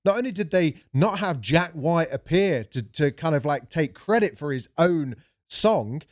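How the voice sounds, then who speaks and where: A man's voice: a little high, animated, unhurried, dry recording. A man co-hosting a podcast in casual comedic chat, dry and sardonic, swearing freely. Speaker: podcast co-host.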